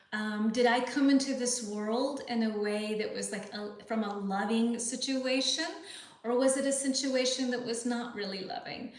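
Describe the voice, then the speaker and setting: A woman hosts a casual live lesson, thinking aloud with plenty of fillers and easy laughs. Her voice sits a little high. The room around her sounds echoey. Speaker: English teacher hosting a live lesson. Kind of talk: casual live-stream chat reading viewer comments.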